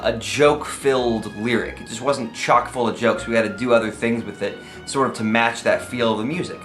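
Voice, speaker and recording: A man's voice: medium pitch, fairly bright tone. Man explaining songwriting in an echoey room. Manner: friendly, explanatory, with occasional "uh" and "um". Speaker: comedy songwriter teaching lyric writing. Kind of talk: casual explanatory video lesson. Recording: echoey room, faint music.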